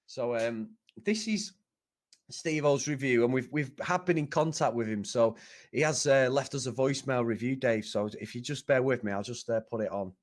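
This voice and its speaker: A man co-hosting a podcast, talking in a chatty, rambling, self-deprecating way. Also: mid-range voice. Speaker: podcast co-host. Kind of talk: casual podcast chat.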